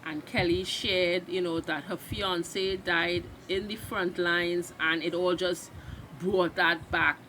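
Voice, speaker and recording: A woman's voice: on the low side, steady tone, slow, a bit bright, a little hiss or hum, poor audio. A woman from Trinidad with a Trinidadian accent, chatting loosely through a TV recap as a reaction video host and restarting her sentences. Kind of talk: casual recap and live reaction.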